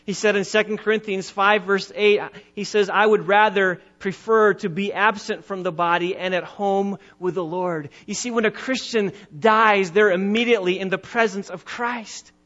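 A man's voice: high voice, steady tone, a bit bright, muffled recording. A man preaching a sermon as pastor, emphatic, drawing out and stressing his key phrases. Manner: emphatic preaching, slowing and rising on key words.

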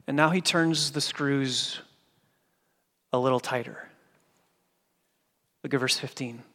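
A male pastor preaching a sermon with emphasis, dropping low and soft when he quotes scripture. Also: slow pace. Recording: long hall reverb.

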